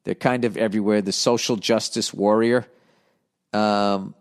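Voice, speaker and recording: A man's voice: on the low side, steady tone, unhurried, smooth. A man hosting a podcast, ranting casually in a blunt, profane and sardonic way and rambling as he thinks aloud. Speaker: podcast host. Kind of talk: casual comedic rant.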